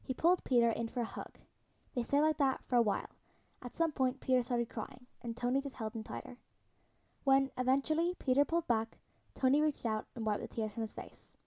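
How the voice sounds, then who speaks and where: A woman narrating fanfiction in a plain, steady reading voice. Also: high-pitched, fairly quick. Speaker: fanfiction reader. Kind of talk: podfic narration.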